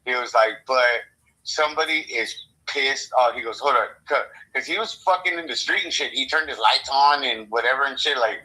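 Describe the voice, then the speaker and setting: A man's voice: mid-range voice, brisk, bright, forceful tone, poor audio. A young American man on a podcast, rambling and swearing as he tells a story, acting out both sides of a conversation. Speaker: podcast co-host. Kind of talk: casual chat.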